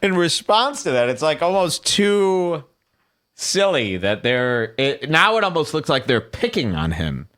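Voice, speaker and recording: A man's voice: fairly high pitch, very animated, unhurried, a bit bright. A man hosting a podcast, giving casual, mocking commentary over a clip and laughing often. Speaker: podcast host.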